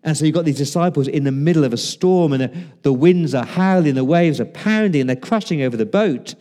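A man delivers a sermon in a mellow, relaxed voice that sits a little high. He talks to the congregation like a friend, throws out rhetorical questions and pauses for effect. He slips into quoted lines with a shifted voice. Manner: conversational preaching with rhetorical questions and dramatic pauses. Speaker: pastor.

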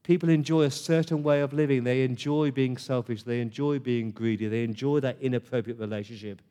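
A man delivers a sermon with a mellow, darker tone. He talks earnestly and conversationally to his congregation, with pauses and restarts. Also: medium pitch, fairly even intonation. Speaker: preacher.

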